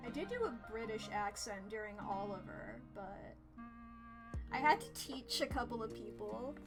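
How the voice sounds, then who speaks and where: A woman streamer chatting casually while she draws, animated and leaping up in pitch when excited. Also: normal speed. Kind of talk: casual chat while drawing. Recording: loud background music.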